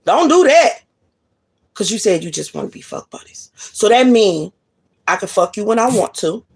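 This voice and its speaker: A woman's voice: mid-range voice, expressive, normal speed, creaky, slightly rough. A woman delivering a blunt, profane monologue of relationship advice in a casual, preachy way. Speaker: spiritual reader.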